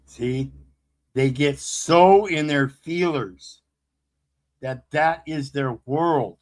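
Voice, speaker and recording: A man hosting commentary, preaching in a defiant way, swinging from loud outbursts to low asides. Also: extremely slow. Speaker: commentary host. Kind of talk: fired-up commentary.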